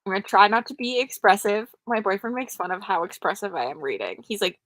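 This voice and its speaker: A young woman hosts a late-night livestream, casually chatting with viewers, answering chat, and poking fun at herself. She sounds tired from being up late. Her mid-range voice is expressive, fairly quick and fairly bright, captured in a dry recording.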